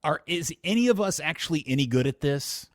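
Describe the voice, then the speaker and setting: A man's voice: on the high side, animated, brisk, no room sound, clean studio sound. Rambling man co-hosting a podcast. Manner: rambling, self-correcting, laughs often. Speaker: podcast co-host. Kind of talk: casual chat.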